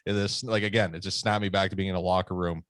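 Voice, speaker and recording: A man's voice: deep voice, fairly even intonation, quick pace, fairly bright tone, no echo, clean studio sound. A man co-hosting a podcast, telling a story in a rambling way with lots of fillers and swearing. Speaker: podcast co-host. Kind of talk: casual storytelling chat.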